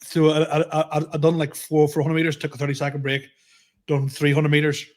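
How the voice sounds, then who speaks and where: Comedy podcast co-host, man in his thirties, slightly higher voice, giggly and repetitive, swears a lot. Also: monotone, fairly quick. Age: 30s. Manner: laughs often, repeats himself, swears freely. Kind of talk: casual podcast rant.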